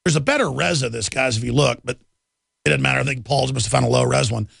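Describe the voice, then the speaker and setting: A man's voice: mid-range voice, fast, vocal fry, fairly bright tone, breathy edge, no echo, clean studio sound. A man hosting a live talk radio show, ranting indignantly about the news and often restarting and repeating words.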